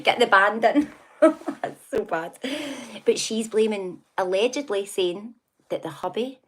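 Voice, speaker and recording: A middle-aged Scottish woman from near Glasgow hosting a casual livestream, chatting and gossiping about the news, laughing often and reacting to viewer comments. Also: medium pitch. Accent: Scottish (Glasgow area). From Scotland. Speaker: livestream host.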